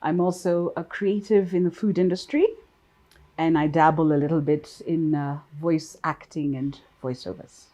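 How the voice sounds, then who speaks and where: Lively Kenyan woman in her fifties. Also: sits low, normal speed. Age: 50s. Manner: lively, laughs often, storytelling. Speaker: guest. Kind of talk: casual chat.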